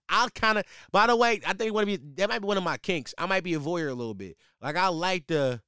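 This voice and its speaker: A man in his twenties telling a casual, profane story in slang, with his voice jumping high when he gets exasperated. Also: lively intonation, fast, hardly any pauses, sharp tone, clean tone, no echo, studio quality.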